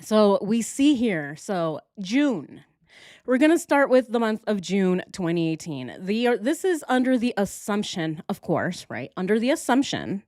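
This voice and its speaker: A woman's voice: medium pitch, darkish tone, no echo, studio quality. Chatty woman hosting a livestream. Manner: playful, jokey, addresses chat directly; thinking aloud with pauses. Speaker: true crime livestream host. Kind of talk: casual livestream chat.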